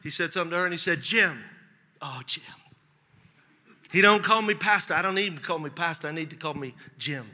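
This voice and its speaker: A man preaching a sermon as pastor, telling a personal story with lively asides and humor. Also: fairly high pitch, quick pace, hardly any pauses. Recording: large hall with long reverb.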